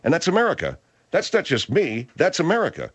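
A man hosting a talk radio show, riffing with animated comic exaggeration. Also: fairly high pitch, a little fast, husky. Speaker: radio host.

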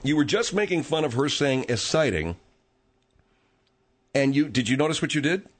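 Lively-voiced radio host with a throat tickle. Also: male voice, on the high side, moderate pace, background noise. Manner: exasperated, bickering. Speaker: radio talk show host. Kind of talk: radio talk show banter.

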